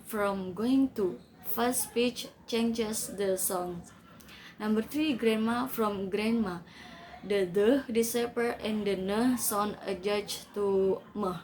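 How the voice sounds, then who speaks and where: A woman's voice: mid-range voice, a little mellow, a little hiss or hum, low-quality recording. A young woman student giving a class presentation, reading carefully from her notes.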